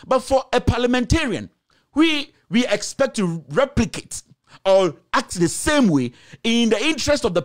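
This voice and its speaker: A man with a Ghanaian accent delivers heated political commentary as an online host. His voice sits high and swings widely in pitch. He hammers his points home with repetition and drops into Twi now and then. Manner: emphatic, repeats himself, slips into Twi phrases. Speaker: online show host and journalist.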